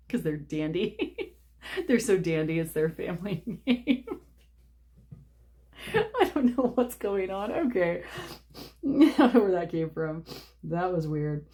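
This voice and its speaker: A woman's voice: low voice, mellow. A woman giving a casual pick-a-card tarot reading, rambling and chatty, laughing often. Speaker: tarot reader.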